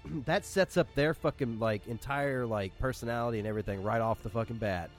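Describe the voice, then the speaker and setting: A man co-hosting a casual podcast, excitedly rambling about a scene with lots of swearing. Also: mid-range voice, brisk, soft background music. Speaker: podcast co-host. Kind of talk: casual chat.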